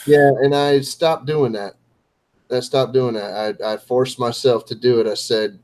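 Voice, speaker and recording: A man's voice: mid-range voice, steady tone, measured pace, a little mellow, rough recording. A man chatting casually on a late-night livestream, rambling and poking fun at himself with lots of fillers. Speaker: co-host of a livestream.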